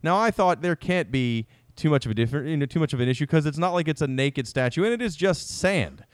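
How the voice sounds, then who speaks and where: Fast-talking podcast host, rambling. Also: male voice, on the high side, expressive, dry recording, studio quality. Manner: rambling, self-mocking, restarts sentences often. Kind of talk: casual chat.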